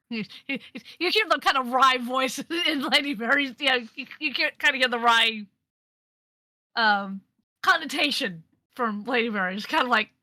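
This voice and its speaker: A woman narrating as game master of a tabletop game, animated and often laughing. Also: sits high, normal speed, no room sound. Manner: animated, laughing often, with frequent fillers and restarts.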